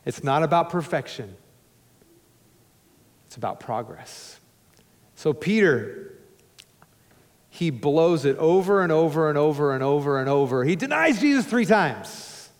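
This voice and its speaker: A male pastor preaching a sermon to a congregation, emphatic and conversational with joking asides, swinging between loud urging and hushed low tones. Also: expressive, measured pace, pauses often. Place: church sanctuary before a congregation. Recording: long hall reverb in a church.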